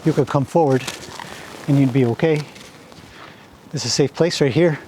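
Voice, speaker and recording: A man's voice: mid-range voice, normal speed, a little mellow, slight background noise, close to an everyday voice, poor audio. A man voicing a wary young wild horse.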